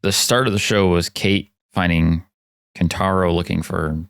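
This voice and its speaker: A man hosting a casual podcast discussion, animated and fond of acting out quotes. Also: low voice, moderate pace, clean tone, dry recording, studio quality. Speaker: podcast host. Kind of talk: casual chat.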